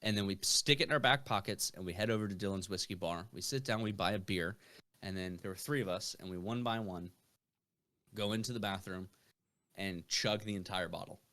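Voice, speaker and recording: A man's voice: deep voice, a little fast, bright, forceful tone. A young man who is a podcast guest, telling rambling anecdotes full of fillers and swearing. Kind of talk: casual storytelling.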